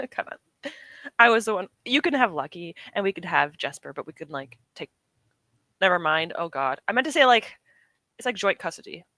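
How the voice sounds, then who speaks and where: A woman's voice: on the low side, big pitch swings, moderate pace, pauses often, bright, forceful tone, no room sound. A young woman from the UK chatting casually with her stream chat, rambling, laughing often and correcting herself. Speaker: streamer reading chat comments.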